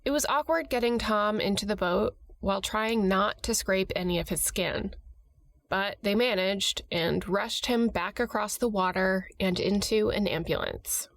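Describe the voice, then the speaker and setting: A woman hosting a podcast, reading scripted narration in a calm, measured way. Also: medium pitch, dry recording.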